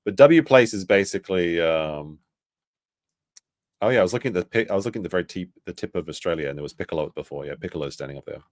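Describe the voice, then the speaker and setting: A man's voice: low-pitched, fast talker, dry recording. A man streaming casual reaction commentary, reading news aloud and adding sarcastic, rambling asides.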